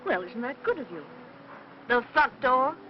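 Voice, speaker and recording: Fussy chattering old aunt. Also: female voice, fairly high pitch, sing-song, unhurried. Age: older. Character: fussy, chattering older aunt, meddling and self-pitying. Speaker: busybody aunt. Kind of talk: 1950s film acting. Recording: muffled old film soundtrack with faint hiss.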